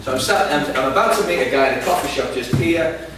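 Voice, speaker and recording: A man's voice: a little high, quick pace. A man giving a sermon, telling a humorous, self-deprecating story to an audience in a large hall. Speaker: preacher. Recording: echoey hall, distant mic, background noise.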